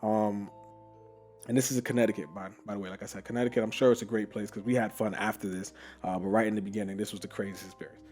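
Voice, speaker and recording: A man hosting a podcast, telling a story in an animated, casual way, with frequent laughs and many fillers. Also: fairly low pitch, fast, soft background music. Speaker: podcast host.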